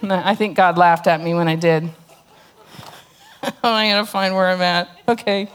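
A woman's voice: fairly low pitch, steady tone, measured pace, clean tone. A middle-aged woman giving a humorous testimony talk to a church audience, telling a story with sarcastic asides and frequent laughter. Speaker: speaker at a church gathering.

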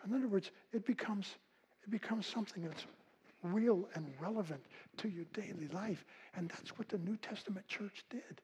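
An older man preaching a sermon with a husky voice, telling folksy stories and swinging from loud calls to hushed, quiet passages. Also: high voice, moderate pace, low-quality recording. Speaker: pastor.

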